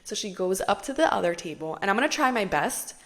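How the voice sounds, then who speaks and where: A woman's voice: mid-range voice, very animated, fast, a bit bright. A young woman hosting a podcast, talking casually and chattily, with lots of "like" fillers and the odd swear. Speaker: podcast host.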